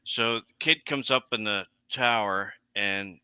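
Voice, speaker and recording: A man telling racetrack anecdotes in a casual chat, halting and restarting often. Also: fairly low pitch, sharp tone, clean tone, no room sound.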